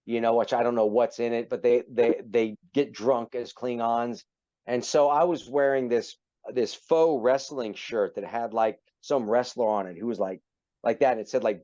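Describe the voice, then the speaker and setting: A man's voice: mid-range voice, a little mellow, no room sound. A middle-aged man tells a long anecdote as a guest, throwing himself into it and voicing the people he met. His voice sits in a middle register. The recording is dry and a little muffled. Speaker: podcast guest, actor. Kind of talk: storytelling in a casual interview.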